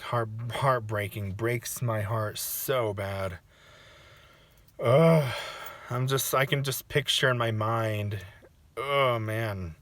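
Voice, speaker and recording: A man's voice: medium pitch, a bit bright, no room sound. Emotional man reacting on a vlog. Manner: emotional, halting, restarting sentences. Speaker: vlogger. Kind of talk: casual personal reaction vlog.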